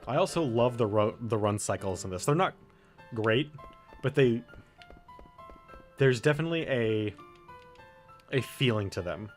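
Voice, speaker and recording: A man's voice: medium pitch, animated, a little slow, long pauses, soft background music. A man giving casual, chatty commentary while playing a game, offhand and self-mocking. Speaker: let's play host.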